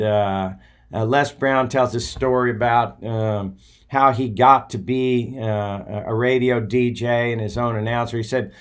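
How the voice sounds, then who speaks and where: A man hosting a talk show, telling a story in a casual, rambling monologue full of hesitations. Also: medium pitch. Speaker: podcast host.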